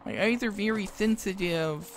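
A woman's voice: mid-range voice, moderate pace, a little hiss or hum. A woman streaming a co-op game, joking around in playful, mock-dramatic banter and trading insults. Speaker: co-op gaming streamer.

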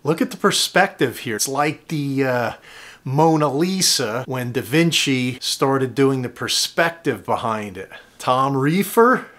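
A man's voice: medium pitch, animated, measured pace, fairly bright tone. Man, from New Jersey, reef tank vlog host, casual chat, answers viewer questions, addresses viewers directly, indoor home studio. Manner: chatty, talks straight to viewers as "guys".

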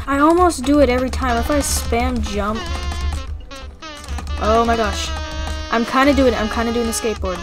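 A woman giving playful, excitable let's-play commentary as she plays, often breaking into shrieks and giggles. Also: on the high side, normal speed, long pauses, over music, poor audio. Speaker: gaming YouTuber.

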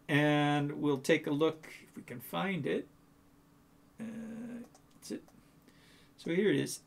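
A man's voice: medium pitch, vocal fry. A man casually walking through code on a screen share, chatty and thinking aloud as he corrects himself. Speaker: coding tutorial host.

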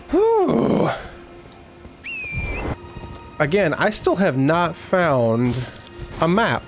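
Animated man yelling over game music. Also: fairly high pitch. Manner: exasperated, shouts at enemies on screen. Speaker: gaming video host. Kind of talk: let's play commentary.

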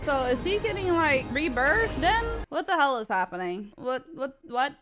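A young woman streaming her reaction to a game, loud, laughing and swearing as she talks back to the screen. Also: high-pitched, very animated, normal speed, music in the background. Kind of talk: casual reaction commentary. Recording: game audio playing behind her.

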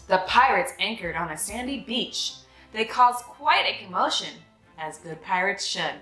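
Woman reading kids book aloud, slow n lively, fairly high voice, echoey room. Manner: expressive, animated reading. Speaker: children's book reader. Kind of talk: read-aloud storytelling. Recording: echoey room, soft music behind.

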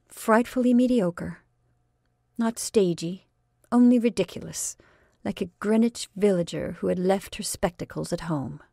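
A woman storyteller reading a classic short story aloud in a measured, expressive way. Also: medium pitch, vocal fry, dry recording, clean studio sound. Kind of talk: scripted narration of a classic story.

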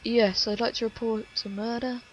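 Calm mocking killer, as a woman reads him. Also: mid-range voice, brisk, muffled recording, faint music behind, close to an everyday voice. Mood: gleeful. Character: cold, playful male serial killer.

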